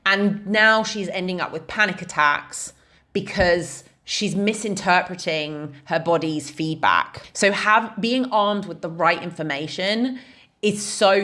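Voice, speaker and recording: A woman fitness coach in her thirties talks casually to her listeners, with a slightly low voice. She explains things step by step and keeps checking in with "right?" and "like". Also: sharp tone. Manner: chatty, frequent "like" and "right?" fillers.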